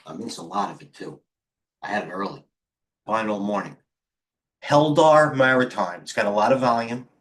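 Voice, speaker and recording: A man's voice: on the low side, moderate pace, long pauses, fairly bright tone. Rambling middle-aged man on a trading stream. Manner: rambling, joking, self-deprecating, mutters to himself. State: out of breath. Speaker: live trading stream host. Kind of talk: casual live-stream commentary.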